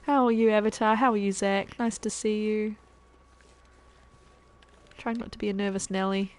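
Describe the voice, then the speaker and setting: A woman's voice: medium pitch, fairly even intonation, normal speed, poor audio. A woman from New Zealand, a parent, chatting casually with viewers while she streams gameplay. She laughs often and trails off mid-sentence. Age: adult parent.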